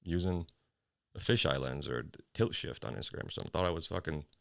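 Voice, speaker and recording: A man's voice: rumbling low, fast talker, gravelly, no echo, clean studio sound. A man, hosting a casual solo podcast from a small home office. He rambles, jokes at his own expense, swears freely and sounds a little out of breath. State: slightly out of breath. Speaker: podcast host.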